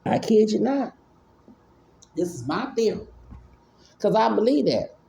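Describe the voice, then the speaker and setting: A vlogger in his forties from Houston, Texas, offers loose, rambling casual commentary, repeating himself, doubling back and stammering over words. His voice is described as mellow and dark with a gravelly fry, yet also high and sing-song, unhurried, with a little hiss or hum.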